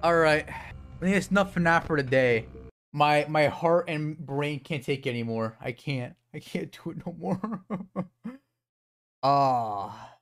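A young man streaming a horror game, excitable and swearing, yelping and shouting whenever he gets startled. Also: on the high side, unhurried. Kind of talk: live gameplay commentary.

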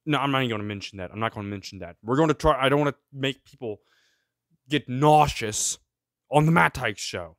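A man's voice: mid-range voice, a little fast, no echo, studio quality. A man hosting his own show, ranting sarcastically through current events with one rhetorical question after another. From of Greek heritage. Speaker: show host. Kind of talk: ranting solo commentary.

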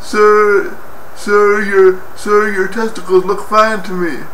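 A man's voice: high-pitched, little pitch movement, a bit bright. A man voicing a flustered, hesitant young female student nurse, stammering through her lines. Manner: halting, stammering. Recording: roomy, distant mic, faint hiss.

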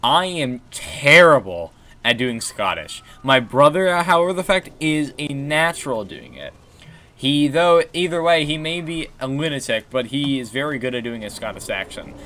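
A man's voice: medium pitch, big pitch swings, moderate pace, pushed and bright. A man casually chatting while streaming a game, rambling and answering chat. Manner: rambling, restarts, reads chat.

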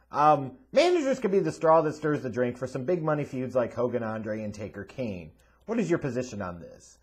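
A man's voice: fairly high pitch, big pitch swings, normal speed, darkish tone. A man hosting a casual Q&A, reading out viewer questions and answering them bluntly, sarcastically and with a lot of swearing. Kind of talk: casual Q&A rant.

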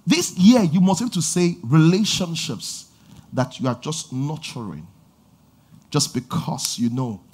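A middle-aged man preaching a sermon in a church, with animated delivery and sudden loud exhortations. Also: fairly high pitch, a little slow, husky. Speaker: pastor. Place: church auditorium.

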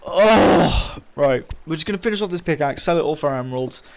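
This gaming YouTuber's voice runs on the high side, a little mellow, and he talks very fast and animatedly. The young man plays a Minecraft map in a let's play, cursing freely and venting frustration over every loss.

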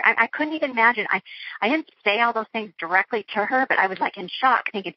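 A woman's voice: a little high, lively intonation, quick pace, muffled recording. A woman being interviewed, recounting a personal ordeal in an earnest, flowing way with frequent restarts. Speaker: interview guest.

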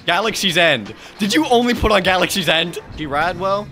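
A young man cracking crude jokes and yelling at the screen while he plays. His voice is bright and sits a bit high, and it swings widely in pitch. He laughs a lot between lines. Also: animated, moderate pace. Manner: crude, loud, laughing, swearing often. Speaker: gaming video host. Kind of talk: casual gaming banter.

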